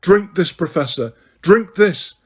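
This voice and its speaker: A man's voice: high-pitched, expressive, measured pace, a little mellow, slightly rough, heavily acted. A man voicing a frantic teenage boy wizard with urgent, cracking pleas in an audiobook. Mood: desperate. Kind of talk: audiobook character reading.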